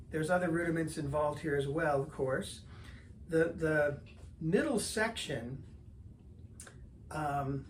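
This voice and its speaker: An older man teaching drums, explaining patterns in a relaxed way and counting in before he plays. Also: a little high, a little hiss or hum. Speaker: drum teacher. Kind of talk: instructional lesson talk.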